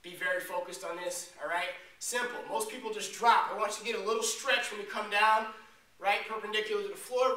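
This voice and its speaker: A man working as a fitness trainer, demonstrating a workout in an energetic coaching way with jokes. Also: sits high, quick pace. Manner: energetic, joking coach talk while exercising. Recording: echoey room, distant mic, faint noise.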